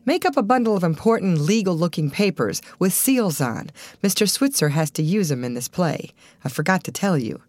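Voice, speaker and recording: A man's voice: high voice, animated, moderate pace, no room sound, voice pushed up. A woman voicing a commanding, impatient male stage director. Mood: brisk. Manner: commanding, sharp.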